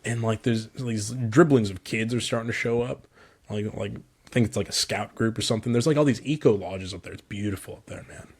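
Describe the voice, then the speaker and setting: A young man co-hosts a podcast, his lowish voice moving fairly quickly. In casual chat he tells a rambling story packed with "like" and swearing.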